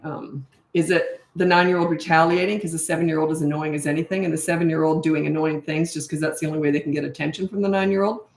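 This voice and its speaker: A woman's voice: low-pitched, flat delivery, fast talker, gravelly. A middle-aged woman hosting a casual live Q&A as a parenting coach. She reads out viewer questions and answers them frankly and chattily into a camera mic. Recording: roomy echo.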